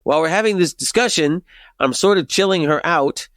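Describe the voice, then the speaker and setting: Man, 50s, comic storyteller, animated, profane, high-pitched. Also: fairly quick, dry recording, studio quality. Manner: animated, profane, acts out quoted voices. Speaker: storyteller guest.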